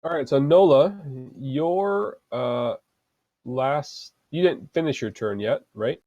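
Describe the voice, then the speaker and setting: Male game master, halting delivery full of fillers, warm dark tone, dry. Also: medium pitch, no echo, muffled recording. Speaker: dungeon master. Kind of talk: narrating a tabletop game.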